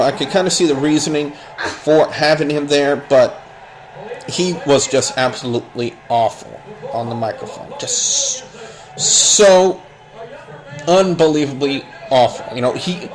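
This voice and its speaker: A man's voice: on the high side, normal speed, low-quality recording. A man giving a blunt, opinionated spoken review of a wrestling show, rambling and restarting his sentences.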